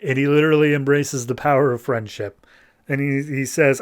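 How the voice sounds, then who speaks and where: A man's voice: medium pitch, steady tone, brisk. A man hosting a podcast, recapping comic books in a loose, joking, casual way and paraphrasing the characters as he goes. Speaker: podcast host.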